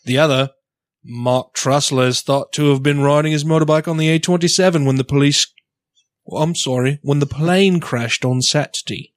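A man's voice: fairly high pitch, steady tone, moderate pace, no echo, studio quality, close to an everyday voice. A man putting on a stiff British newsreader. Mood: formal. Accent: put-on British. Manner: stiff formal news reading with stumbles. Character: adult male British newsreader.

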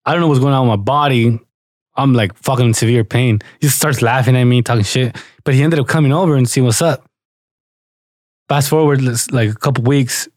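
A man's voice: mid-range voice, brisk, dry recording, clean studio sound. A young man co-hosting a podcast, telling stories casually, swearing often and acting out what people said. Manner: animated storyteller, heavy swearing, acts out quotes. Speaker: podcast co-host.

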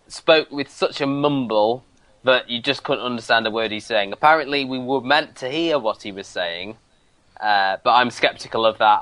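Slow, deliberate man, dry sound. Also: mid-range voice, pushed and bright, dry recording, low-quality recording. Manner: slow and deliberate, lots of "uh" fillers. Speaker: podcast co-host. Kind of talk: casual chat.

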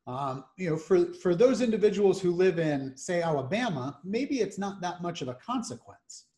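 A man hosting a podcast, explaining legal matters in measured, methodical lists. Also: high voice, animated, dark tone. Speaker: criminal defense attorney host.

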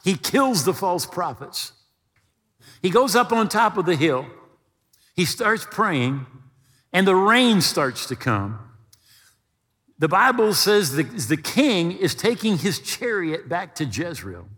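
A man preaching a sermon, retelling a story in an animated way and acting out the voices. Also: sits high, slow, pauses often, slightly rough, big-room sound. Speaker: pastor.

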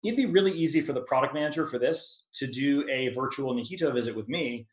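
A man instructor talks through questions on a video call, loose and conversational, full of ums and restarts. His voice sits at an ordinary middle pitch. The sound has a roomy echo around it. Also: animated, quick pace. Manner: conversational, lots of filler words and restarts. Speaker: product management instructor. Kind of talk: webinar Q&A answer.

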